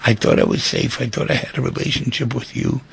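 A man's voice: mid-range voice, huge pitch swings, fairly quick, gravelly, husky, exaggerated voice. A man voicing a hurt, jilted little girl frog. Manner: wounded, reproachful.

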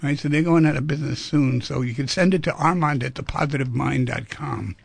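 Radio host guy, gravelly husky voice, dry close mic, animated and playful. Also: mid-range voice, brisk, no echo. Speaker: radio talk show host. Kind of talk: radio call-in talk.

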